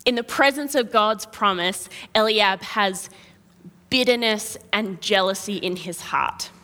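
A woman preaching a sermon, telling a Bible story in a lively way and acting out the quotes. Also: medium pitch, unhurried. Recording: long reverb of a large hall.

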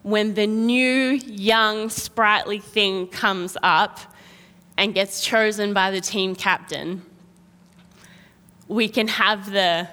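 A woman preaching a sermon, telling a Bible story in a lively way and acting out the quotes. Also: mid-range voice, takes it slowly. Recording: long reverb of a large hall.

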